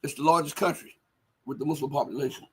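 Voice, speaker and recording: Husky high-voiced man ranting on a livestream. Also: fairly even intonation, fast talker. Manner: emphatic, rhetorical questions, builds to shouting. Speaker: livestream host. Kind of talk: casual commentary reading viewer chat.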